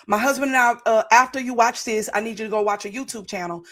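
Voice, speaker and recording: A woman in her forties speaks straight to her viewers with fervent, preacher-like conviction. Her voice sits a little high, and she circles back to key phrases again and again for emphasis. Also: a little fast, hardly any pauses, fairly bright tone. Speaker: podcast host. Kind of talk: motivational testimony to live viewers.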